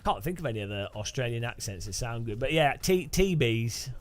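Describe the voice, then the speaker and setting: Streamer, man, lively sing-song delivery, dry jokes, faint music underneath. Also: medium pitch, fairly quick. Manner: rambling, dry joking asides. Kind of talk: casual live-stream chat.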